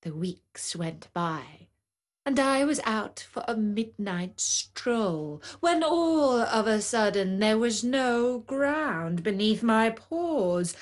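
A woman's voice: fairly high pitch, lively intonation, takes it slowly. A woman voicing a proud female lion queen who tells her own story in a haughty, stately storybook narration.

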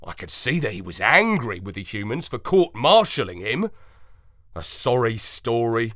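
A storyteller reading a playful storybook in the first person, in an expressive, unhurried manner. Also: medium pitch, no echo, studio quality. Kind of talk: storybook narration.

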